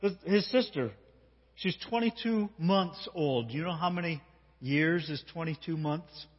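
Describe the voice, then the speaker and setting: A man preaching as pastor, telling a story and talking directly to a child and the congregation with animated delivery. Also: a little high, unhurried, slightly rough. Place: church sanctuary. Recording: dull sound with long hall reverb.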